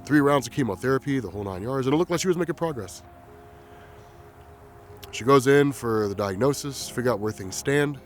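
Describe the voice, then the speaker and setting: A man quietly telling a personal story in a halting, reflective way. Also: mid-range voice, animated, faint music behind. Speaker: vlogger.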